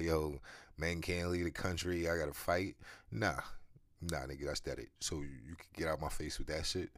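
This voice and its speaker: A man's voice: extremely low pitch, no room sound, studio quality. A man hosting a podcast in a loose, profane, rambling monologue, chuckling between phrases. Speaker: podcast host.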